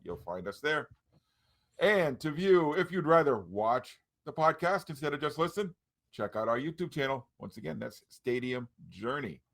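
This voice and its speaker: A man's voice: a little high, very animated, moderate pace, creaky, a bit bright. A man hosting a casual podcast, upbeat as he runs through show plugs and introductions. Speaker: podcast host.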